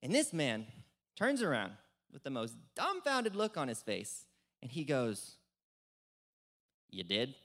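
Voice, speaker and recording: An energetic young man tells a funny story from the pulpit. His bright, fairly high voice jumps all over in pitch. The sound rings through a reverberant church hall. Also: a little slow. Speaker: lay preacher. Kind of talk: youth sermon with storytelling.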